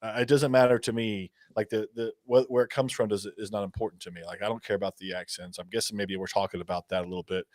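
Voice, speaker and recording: A man's voice: fairly low pitch, fairly even intonation, fast, hardly any pauses, a little mellow, dry recording, clean studio sound. A man co-hosting a podcast in casual chat, easygoing and lightly teasing. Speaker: podcast co-host.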